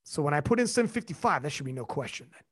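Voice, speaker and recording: A young man hosting a casual podcast tells energetic stories, swearing freely and quoting others. His voice sits on the high side, slightly rough, and comes out rapid-fire.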